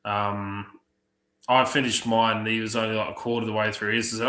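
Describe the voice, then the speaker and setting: A man telling profane, lively stories on a livestream, acting out the other people's lines. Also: on the low side, a little fast. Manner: profane, animated anecdotes acting out other voices. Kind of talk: casual storytelling on a livestream. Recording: roomy echo.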